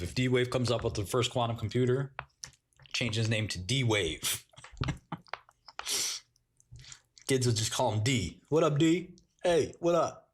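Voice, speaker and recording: A man's voice: mid-range voice, slight background noise. A man hosting a casual livestream, mocking chat with sarcastic riffs and bursts of laughter. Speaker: livestream host.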